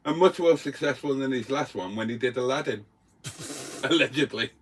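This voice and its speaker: A man's voice: medium pitch, normal speed, a little hiss or hum. An older man co-hosting a casual live stream, reading out viewer comments with wry, self-mocking banter.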